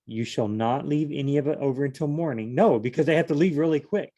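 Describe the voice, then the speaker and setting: A man's voice: on the high side, warm tone. Man thinking aloud through scripture. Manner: informal, muses aloud, acts out scenes in quick voices. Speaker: solo Bible study host.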